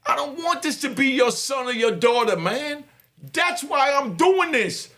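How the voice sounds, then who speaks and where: A middle-aged man talking to his viewers with fervent, preaching passion and bursts of shouting. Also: extremely high pitch, expressive, normal speed. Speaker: host. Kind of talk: impassioned talk to viewers.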